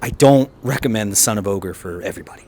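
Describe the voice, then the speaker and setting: A man co-hosting a casual anime review chat, enthusiastic and animated, with quick asides and laughs. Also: on the low side. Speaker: co-host.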